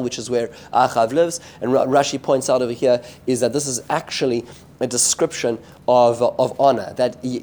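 A man giving an informal Bible lesson, retelling the story with lively commentary, often restarting his sentences and mixing in Hebrew verses. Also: medium pitch. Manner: animated storytelling with frequent restarts; mixes Hebrew terms and verses into English. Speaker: Bible teacher.

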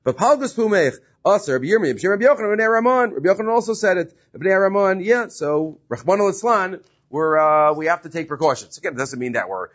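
A man's voice: sits high, expressive, quick pace, fairly bright tone. A man teaching a Talmud study class, reading Hebrew and Aramaic text and paraphrasing it with frequent fillers and restarts. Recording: dull lo-fi recording.

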